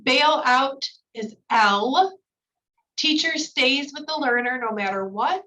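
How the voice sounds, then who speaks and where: A woman's voice: high-pitched, slow, bright, forceful tone, far from the mic, low-quality recording. A woman trainer going through slides in a recorded training lecture, explaining each point with casual fillers.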